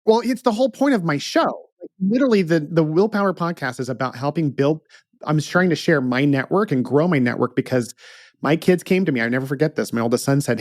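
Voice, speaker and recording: A middle-aged man hosting a podcast interview, speaking casually and emphatically, quick to agree with his guest. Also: fairly high pitch, dry recording, studio quality. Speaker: podcast host.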